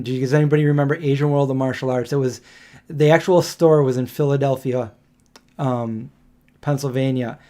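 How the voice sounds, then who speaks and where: A man, hosting a live stream and telling a rambling story, laughing as he goes. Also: mid-range voice. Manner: rambling and animated, laughing through his stories.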